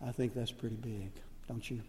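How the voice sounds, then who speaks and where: An older man with a Cajun accent, a pastor preaching a sermon with impassioned swings from hushed to loud. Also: medium pitch, fairly even intonation, normal speed, in a large hall. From Louisiana, USA.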